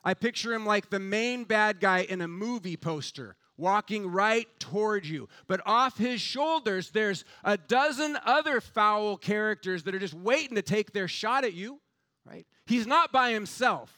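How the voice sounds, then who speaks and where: Man, pastor, fervent sermon, rhetorical build, fairly high voice. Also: lively intonation, unhurried, pushed and bright.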